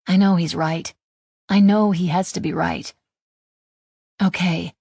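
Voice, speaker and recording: Brief: female audiobook narrator, self-deprecating first person, husky tone, dry close sound. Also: fairly low pitch, steady tone, slow pace, long pauses, dark tone, dry recording.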